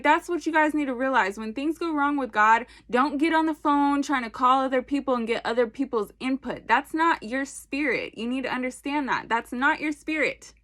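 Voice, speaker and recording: A woman talks straight into her phone, preaching about faith in a loose, slangy way. Her voice sits a little high and turns animated, with playful asides between the earnest points. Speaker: faith video host. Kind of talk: casual faith talk to camera.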